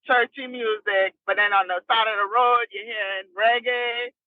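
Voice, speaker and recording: A woman's voice: a little high, steady tone, moderate pace, no room sound. A woman from New Jersey, a recording artist, telling her life story as a podcast guest in a chatty way and laughing often. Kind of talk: casual storytelling interview. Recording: tinny phone line.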